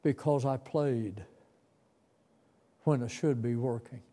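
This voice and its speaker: A man's voice: mid-range voice, slow pace, warm tone. A man in his seventies telling a tender, folksy story from his boyhood as part of a sermon. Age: 70s. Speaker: preacher.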